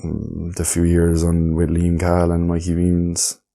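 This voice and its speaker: A man's voice: low voice, completely flat delivery, a little slow, gravelly, mellow. A young Irish man, a podcast guest in a laid-back casual chat, often trailing off mid-sentence. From Ireland.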